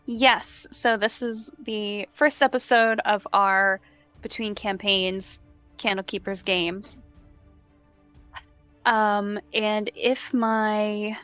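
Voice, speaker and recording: Woman co-host, relaxed and unhurried, laughs a lot, dry close sound with faint music under. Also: mid-range voice, clear, resonant tone, no echo. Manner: giggly, easygoing, laughs often. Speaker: podcast co-host and editor. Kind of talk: casual podcast chat.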